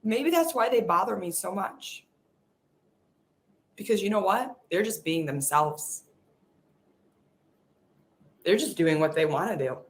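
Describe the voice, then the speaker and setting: A woman's voice: medium pitch, animated, measured pace, long pauses. A woman hosting a podcast, leading a guided emotional release exercise and voicing her hurt and frustration aloud in a raw, unfiltered way. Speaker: podcast host.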